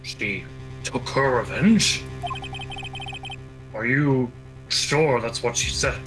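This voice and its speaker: A man voicing a slow, doubtful old judge, reading game dialogue in a measured way. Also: medium pitch, over music, natural voice. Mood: puzzled.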